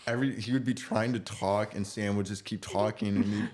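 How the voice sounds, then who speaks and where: A man's voice: lowish voice, steady tone, brisk, darkish tone. A young man co-hosting a podcast, chatting casually about a reality show and acting out people's lines in exaggerated voices, often laughing. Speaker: podcast co-host. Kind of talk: casual reality-TV recap chat.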